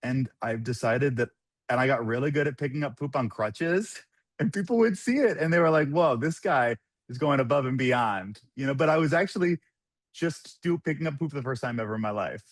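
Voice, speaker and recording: A man in his thirties, a podcast guest telling sober-life stories in casual talk, animated and laughing often as he quotes others. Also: medium pitch, a little fast, no echo, studio quality. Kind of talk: casual storytelling.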